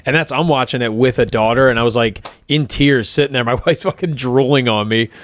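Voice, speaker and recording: A man's voice: mid-range voice, a little fast, dry recording, clean studio sound. A man in his thirties in casual podcast chat, laughing often and swearing freely.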